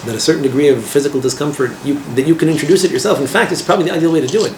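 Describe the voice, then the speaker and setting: Gravelly-voiced rabbi teaching a class. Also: male voice, a little high, rapid-fire. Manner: lively, asks the class questions, mixes in Hebrew terms. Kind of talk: informal Torah class. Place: classroom with a small group. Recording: echoey room with background noise.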